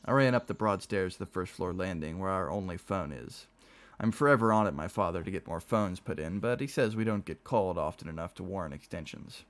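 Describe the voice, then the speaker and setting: A man reading a novel aloud on a stream, with expressive storytelling delivery. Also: deep voice, fairly quick.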